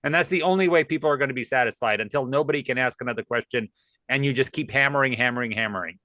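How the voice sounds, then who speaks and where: A man with a bright, forward voice argues his point emphatically on a talk show, hammering words again and again for stress. The sound is dry and close, with little room around it. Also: medium pitch, fast, dry recording. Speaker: show co-host. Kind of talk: casual political talk show discussion.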